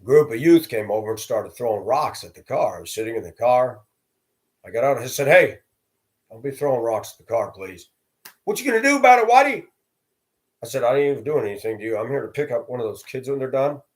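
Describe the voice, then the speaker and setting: A middle-aged man from Denver telling personal stories in a casual monologue, acting out the quoted voices and getting loud in the tense parts. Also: medium pitch, fast talker. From from Denver area. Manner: acts out quoted voices, rising loud for confrontations.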